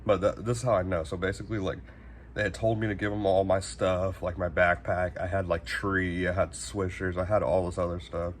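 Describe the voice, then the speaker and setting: A man's voice: deep voice, flat delivery, fairly quick, slight background noise. A man, telling a casual storytime in a rambling, slangy way, swearing freely and saying "like" constantly. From Northern California. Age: 20s. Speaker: vlogger.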